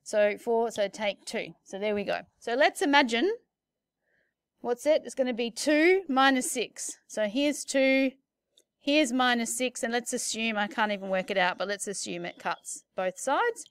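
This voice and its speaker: A woman explains maths as a teacher, chatty and jokey. Her voice sits high. The recording is close and dry, with no room sound. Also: a little slow, clean tone, no room sound. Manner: playful, chatty, jokey asides.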